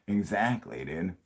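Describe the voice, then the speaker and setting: A man in his late thirties hosting a live stream, rambling casually with constant swearing and laughter. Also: fairly low pitch. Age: 30s. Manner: crude, profanity-heavy rambling with frequent laughs; puts on a yelling grumpy old man for jokes.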